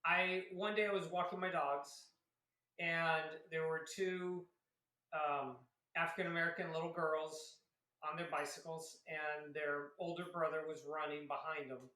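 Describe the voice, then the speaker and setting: The rough recording has a roomy sound, capturing a man's sharp, rather high voice speaking unhurriedly with fairly even intonation. He's a South Carolina-raised Air Force veteran in his fifties, a chatty interview guest who laughs often and acts out quotes while casually telling stories.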